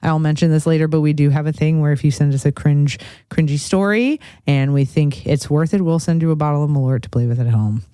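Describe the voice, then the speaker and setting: A woman's voice: sits low, brisk, hardly any pauses, warm tone, smooth, no room sound, clean studio sound. A woman hosting a casual podcast, joking and rambling as she talks, laughing often. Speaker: podcast host. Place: Chicago.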